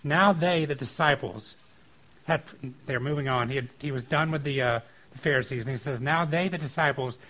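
A man preaching a casual sermon on a scripture passage, informal and animated, breaking into acted-out quotes. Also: medium pitch, normal speed, low-quality recording. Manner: informal and animated, acting out quotes with filler likes.

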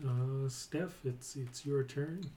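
Male game master, casual and halting. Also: medium pitch, mellow, slight background noise. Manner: halting, laughs easily. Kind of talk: narrating a tabletop game.

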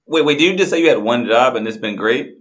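A young man co-hosting a podcast, joking loudly, swearing and laughing in casual chat. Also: medium pitch, quick pace. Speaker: podcast co-host.

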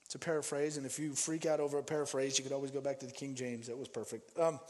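A man from Denver preaches a casual, animated sermon, slipping into the voices of the people in his stories. His voice sits a bit high for a man, and it rings out with a long reverb, as if in a big church hall. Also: quick pace, few pauses. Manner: conversational and animated, acting out quoted voices. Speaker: pastor.

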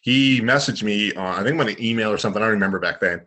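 A young man from Canada, a guest in an interview, telling stories in a relaxed, rambling way full of fillers. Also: on the low side, fast talker. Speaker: guest, former hockey fighter. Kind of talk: casual storytelling interview.

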